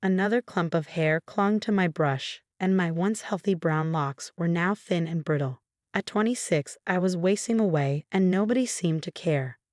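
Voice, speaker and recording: A woman telling a first-person story in measured, scripted narration. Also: on the low side, darkish tone, dry recording, studio quality.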